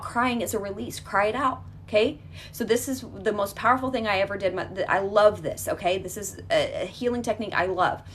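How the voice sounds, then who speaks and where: A woman's voice: medium pitch, a little hiss or hum. A woman coaching an emphatic healing exercise. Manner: reassuring and direct.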